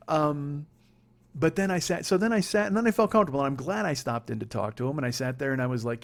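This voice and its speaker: A man's voice: medium pitch, quick pace, gravelly. A man in his forties hosting a comedy podcast, telling a rambling, self-mocking story with lots of swearing. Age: 40s.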